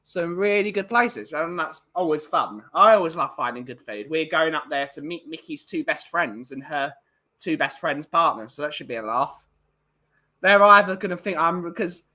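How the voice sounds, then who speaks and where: A man's voice: on the high side, moderate pace, pushed and bright. A man chatting casually on a live stream, rambling with lots of fillers.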